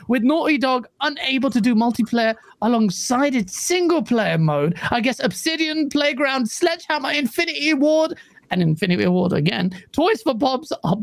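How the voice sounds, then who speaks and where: A woman co-hosting a live gaming podcast stream, chatting casually and shouting out viewers as she reads chat messages. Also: a little high, no room sound. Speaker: livestream podcast co-host.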